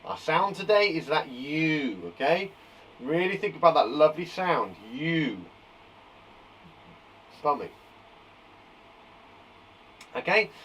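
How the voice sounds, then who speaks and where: A man's voice: on the high side, fairly bright tone, recorded from a distance, a little hiss or hum, low-quality recording. Cheerful man teaching phonics. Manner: upbeat, encouraging, slow deliberate sounding-out of words. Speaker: primary school teacher. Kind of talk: live online phonics lesson for young children. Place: garden shed classroom.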